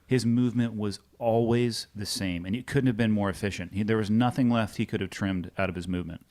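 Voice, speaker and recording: A man's voice: on the low side, steady tone, fairly quick, darkish tone. A man hosting a podcast, speaking casually with short interjections and wry quips. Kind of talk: casual chat.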